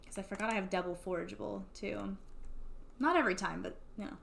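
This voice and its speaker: A woman's voice: medium pitch, fast, gravelly, a bit bright, a little hiss or hum. A young woman streaming a farming game, chatting casually to herself and laughing often. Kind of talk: casual gameplay commentary.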